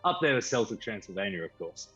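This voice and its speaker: An Australian man, a band member guest, telling a story with lively enthusiasm. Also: on the low side, quick pace. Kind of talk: casual storytelling. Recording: slightly dull stream audio with faint music.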